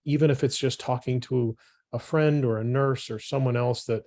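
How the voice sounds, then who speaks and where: A man's voice: mid-range voice, fairly even intonation, moderate pace, a little mellow. Thoughtful man giving patient advice. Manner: thoughtful, advising. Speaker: patient panelist. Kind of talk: panel discussion.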